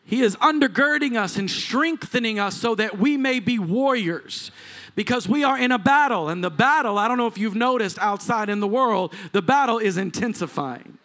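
A man's voice: high-pitched, lively intonation, normal speed, fairly bright tone. A man, a lead pastor preaching a sermon to a congregation in a church, with rising intensity and asides to the crowd. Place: church sanctuary before a congregation.

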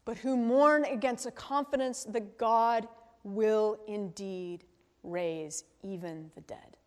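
This woman pastor speaks slowly in a mid-range voice with fairly even intonation, giving a conversational sermon. Like a teacher, she often checks in with the congregation using tag questions, and a large hall lends a long reverb.

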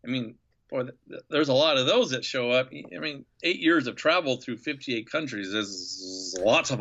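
A man's voice: mid-range voice, pushed and bright. A man recounting a travel memory as an interview guest, thoughtful and enthusiastic, with lots of fillers and restarts. The audio is a little dull and lo-fi. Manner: enthusiastic, reflective storyteller with many fillers. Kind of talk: storytelling in a podcast interview.

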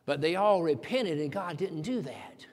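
Guy preaching, kinda high voice, folksy and emphatic, long hall echo. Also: expressive, a little slow, darkish tone. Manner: folksy, emphatic preaching with King James quotes. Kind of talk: sermon.

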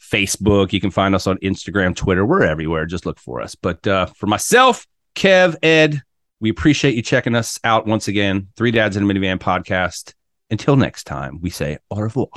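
Low-voiced excitable podcast host man. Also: moderate pace, dry recording, clean studio sound. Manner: excitable, bursts into loud laughter and shouts. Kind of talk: casual chat among friends.

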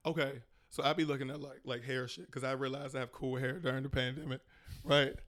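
A man from Maryland, a comedian guest in a casual podcast chat, ranting in slangy, animated bursts with mocking impressions. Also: mid-range voice, fast talker. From Prince George's County, Maryland.

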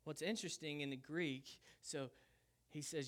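A man preaching a sermon, casual and conversational, with an animated delivery. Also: a little high, measured pace. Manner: lively, conversational preaching with Southern "y'all". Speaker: pastor.

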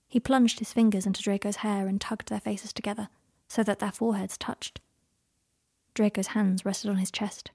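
A woman softly reading a romance story aloud in a hushed, narrating voice. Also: mid-range voice, fairly even intonation, normal speed, vocal fry, husky. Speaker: reader. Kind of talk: fan fiction audiobook reading.

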